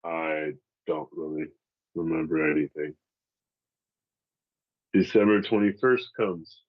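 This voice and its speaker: His bass voice moves at a slow pace, the highs cut off. This man in his forties from Seattle relates his survival story frankly and casually, cursing along the way and laughing through the painful parts.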